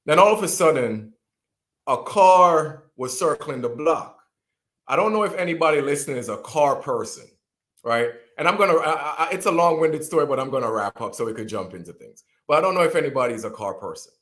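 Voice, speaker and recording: A man in his thirties, from Jamaica, telling a personal story as a guest speaker, with lively delivery and frequent restarts. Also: on the high side, a little fast. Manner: animated storyteller, acts out quoted voices, frequent restarts.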